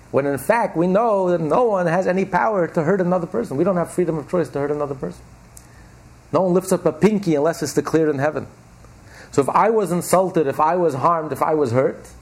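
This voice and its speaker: A man's voice: on the high side, vocal fry, a little mellow, husky. A man teaching as a rabbi, giving an emphatic religious lecture full of rhetorical questions and repetition.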